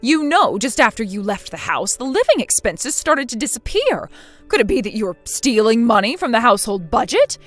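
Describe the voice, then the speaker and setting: A woman voicing a spiteful, domineering older mother-in-law in a scripted text-message drama, scolding harshly and loudly. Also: a little high, very animated, normal speed, dry recording, soft background music.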